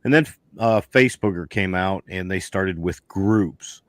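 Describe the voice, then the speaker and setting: A man's voice: sits low, measured pace, no echo, clean studio sound. A man, chatting on a video call as a guest beekeeper and telling rambling stories with many restarts. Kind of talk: casual chat on a video call.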